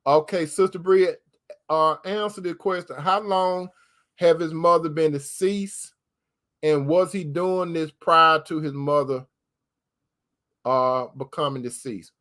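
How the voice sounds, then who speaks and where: A man with a high voice gives relationship advice in a preacherly manner. He calls his listeners brother and drags out key words slowly for emphasis. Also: fairly even intonation, a bit bright. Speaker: host giving relationship advice. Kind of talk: preacherly advice talk reading viewer comments.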